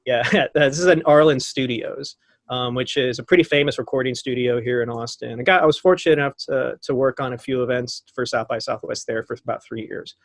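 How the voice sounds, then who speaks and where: A man in his thirties tells a story in a casual, animated way, acting out the voices of the people in it and laughing often. His voice sits at an ordinary middle pitch. The recording is close and dry, with no room sound. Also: a little fast, no room sound. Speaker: podcast guest.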